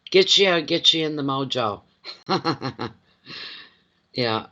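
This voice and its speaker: A man chats on a livestream from home, greeting viewers by name and laughing often as he talks. He is openly expressive and rambling. His voice sits at an ordinary middle pitch, and the stream audio is a little muffled and lo-fi. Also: slow. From Atlantic Canada. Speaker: intuitive card reader. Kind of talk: casual livestream chat.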